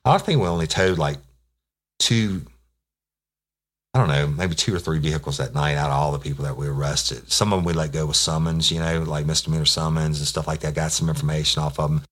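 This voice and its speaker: Middle-aged ex-cop host, very low voice, folksy and foul-mouthed storytelling. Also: male voice, fairly even intonation, fairly quick, fairly bright tone. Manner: profane, rambling, folksy. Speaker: podcast host, former police officer telling stories. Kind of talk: casual storytelling.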